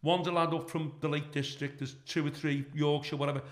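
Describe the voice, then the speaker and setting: A man's voice: on the high side, level tone, a little fast. A middle-aged man, a comedian telling stories as a guest, swearing freely and laughing along as he talks. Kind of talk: anecdotal storytelling. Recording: roomy echo.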